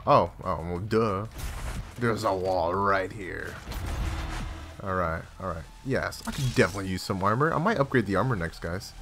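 A man commenting casually on his game as he plays, excitable and chatty, cursing and addressing his viewers often. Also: deep voice, normal speed, music in the background. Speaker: gaming channel host.

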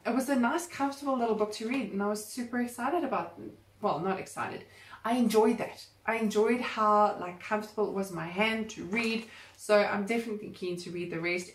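Woman, casual book chat, rambling and enthusiastic, echoey room, a little far from the mic. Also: medium pitch. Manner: chatty, rambling, enthusiastic, self-correcting. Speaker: book vlogger. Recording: roomy sound, voice a bit off-mic.

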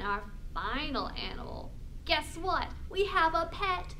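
A woman librarian leading a storytime for young children, talking in an animated, exaggerated sing-song way. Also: sits high, slow pace, slight background noise.

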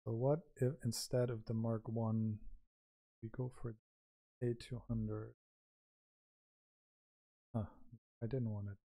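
A man chatting casually on a live stream as he makes music, thinking aloud in an unhurried way, through a microphone with noise reduction and compression. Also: medium pitch, level tone, warm tone. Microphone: new microphone with noise reduction and compression.

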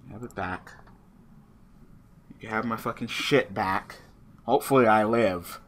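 A man's voice: fairly low pitch, a little slow, slight background noise. A man giving casual live commentary on his online card game match, swearing freely and talking at his opponent. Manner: profane, excitable, talks to his opponent.

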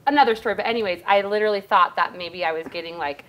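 A woman's voice: mid-range voice, racing, noisy background. A woman co-hosting a talk show, chatting casually and laughing often as she tells stories. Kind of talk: casual chat.

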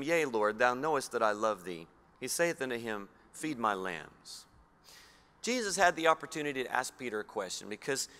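A man from Australia preaching a sermon, reading scripture slowly and low and putting questions to his listeners. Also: pushed and bright. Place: church hall. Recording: long hall reverb.

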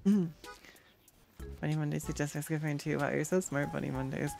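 Sarcastic streamer with vocal fry. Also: mid-range voice, fairly quick, a little mellow, soft background music. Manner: chatty, sarcastic, reacting to gameplay and chat. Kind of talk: casual gaming stream chatter.

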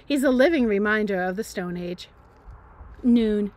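A teacher reading a novel aloud in a dramatic, playful voice, with chatty asides. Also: female voice, medium pitch, animated, unhurried, darkish tone. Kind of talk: expressive read-aloud narration.

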